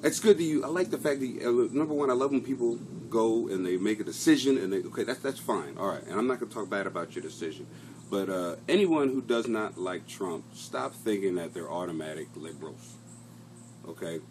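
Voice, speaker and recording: A man's voice: lowish voice, fairly quick, darkish tone, a little hiss or hum. A man who is a comedian, chatting casually to viewers on a live stream, rambling, swearing and laughing through his stories. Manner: rambling, profane, laughing storyteller.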